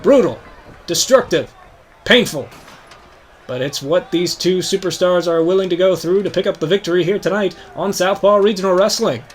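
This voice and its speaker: A young man hosts a video game show, calling mock wrestling play-by-play in a hyped announcer voice that rises to shouts on the big moves. His voice sits high, he keeps a moderate pace, and there's a little hiss or hum on the recording.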